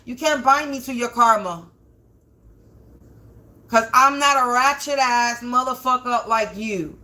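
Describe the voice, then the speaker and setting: High, bright-voiced woman ranting on a livestream. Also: unhurried, long pauses. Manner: heavy swearing, indignant, rambling with restarts and stutters. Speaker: spiritual reader, livestream host. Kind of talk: livestreamed tarot-style reading, profane rant.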